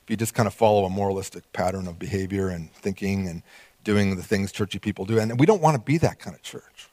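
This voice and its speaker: A male pastor preaching a sermon, animated and conversational, acting out quoted voices with small laughs. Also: sits low, fast, no room sound.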